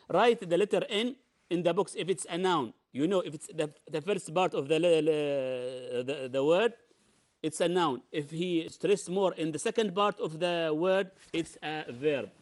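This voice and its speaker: A man's voice: on the high side, a little slow. A man from Oman teaching an English lesson on television, explaining step by step with many hesitations.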